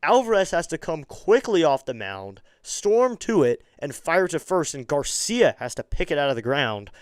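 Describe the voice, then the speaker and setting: A man's voice: moderate pace, smooth, dry recording, studio quality. A man calling baseball play-by-play as a fan streamer, his voice climbing sharply when a play develops and dropping into chatty asides to viewers. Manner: rises sharply in pitch and volume on exciting plays. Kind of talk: amateur play-by-play commentary.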